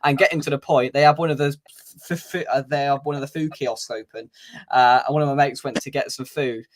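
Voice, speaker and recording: A man's voice: medium pitch, fairly even intonation, fairly quick. A young man hosting a football fan channel's match preview, chatting casually and wryly with plenty of filler words. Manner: chatty, wry, lots of "uh" fillers.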